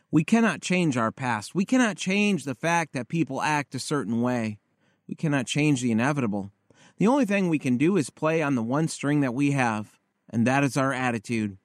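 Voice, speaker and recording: A man preaching a sermon, telling a story in a measured, earnest way. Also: medium pitch, no room sound, clean studio sound. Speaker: pastor.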